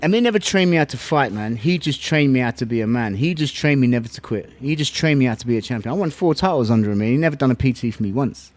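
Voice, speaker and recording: A man talks quickly and bluntly as a podcast guest, his words tumbling out at a rapid clip. He tells his story in casual slang and swears freely, his pitch sitting in a middle range. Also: animated. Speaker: podcast guest, former kickboxing champion. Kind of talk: casual interview talk.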